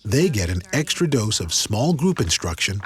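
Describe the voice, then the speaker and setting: A man narrating a documentary segment in a clear, explanatory scripted delivery. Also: lowish voice, sing-song, moderate pace. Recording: loud background music.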